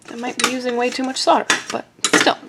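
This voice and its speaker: A woman narrating a casual hands-on kit build, playful and self-joking, often laughing and dropping into a soft whisper as she works. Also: fairly high pitch, level tone, fast, loud music behind the voice. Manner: often drops to a soft whisper while working. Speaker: amateur radio hobbyist building a kit.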